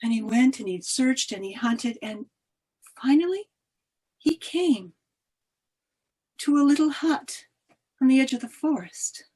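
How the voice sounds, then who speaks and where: A woman storyteller tells a folk tale over a video call, her voice husky and a touch high. She drops to a near hush and swells again for drama. The telling is expressive and unhurried. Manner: expressive, dramatic swings of loudness.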